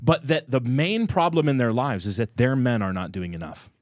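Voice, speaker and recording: A man's voice: mid-range voice, animated, normal speed, darkish tone, no room sound, studio quality. A man co-hosting a podcast, out of breath and talking in a heated, emphatic way. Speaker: podcast co-host. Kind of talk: casual chat.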